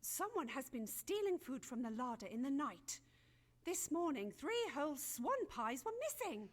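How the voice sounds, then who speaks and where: A woman's voice: high voice, sing-song, normal speed. An actress playing a flustered, gossiping Elizabethan noblewoman who speaks in chatty, dramatic archaic phrases in a video game.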